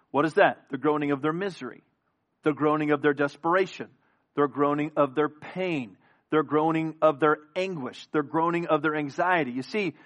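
A man with a somewhat high voice preaches a sermon. He drops to hushed, intimate lines, then climbs into loud, emphatic declarations. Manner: preaching with big swings from hushed to rising emphatic. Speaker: pastor.

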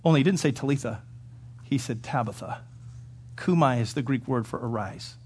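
A man preaching a sermon, animated and full of rhetorical questions, swinging between loud emphasis and quiet low asides. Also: moderate pace, slightly rough. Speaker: pastor.

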